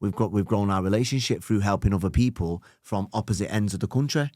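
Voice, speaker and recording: A man hosting a podcast, reflective and encouraging, with many casual fillers. His voice sits fairly low. The recording is close and dry. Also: fast, a little mellow, no echo. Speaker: podcast host, coach.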